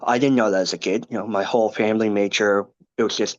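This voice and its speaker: A man in his thirties, a podcast guest, recounting a personal story in an earnest, halting way with many asides. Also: fairly low pitch, fairly even intonation, lo-fi sound. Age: 30s.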